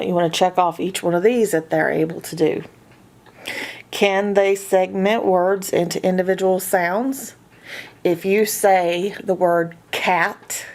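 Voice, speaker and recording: A woman guides parents through a reading assessment in an unhurried, deliberate way. She poses checklist questions one at a time and stretches out individual letter sounds. Her voice sits at an ordinary middle pitch for a woman. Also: darkish tone. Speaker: reading teacher for homeschool parents. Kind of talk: instructional walkthrough.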